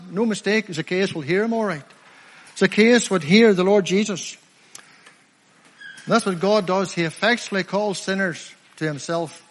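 A fervent middle-aged preacher with a Northern Irish accent, his voice pitched high for a man. He leans hard on key phrases, stretching them out for weight. The sound rings with the long reverb of a large hall. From Northern Ireland. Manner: fervent, emphatic, slows down to stress key phrases. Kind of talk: evangelistic sermon.

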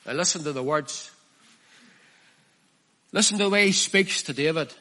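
A man preaching a sermon, reading scripture aloud and expounding it with passion, his voice dropping hushed and then rising loud. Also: fairly high pitch, normal speed. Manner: impassioned, swinging from hushed to loud.

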